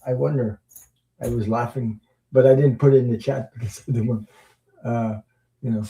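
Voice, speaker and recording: Gravelly, dark-voiced man chatting with viewers. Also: mid-range voice, steady tone, rough recording. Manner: rambling, halting, with frequent fillers and chuckles. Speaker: tarot livestream host. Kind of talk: casual livestream chat reading viewer comments.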